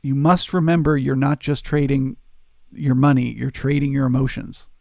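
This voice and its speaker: A man's voice: mid-range voice, level tone, normal speed, creaky, warm tone, no echo, clean studio sound. A man hosting a live trading stream, answering chat and coaching viewers in an earnest, emphatic way. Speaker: trading livestream host.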